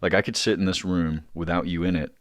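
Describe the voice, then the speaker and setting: Deep-voiced rambling man, dry sound. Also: level tone, fast, no room sound. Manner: rambling, many fillers and restarts. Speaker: podcast guest. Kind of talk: casual podcast chat.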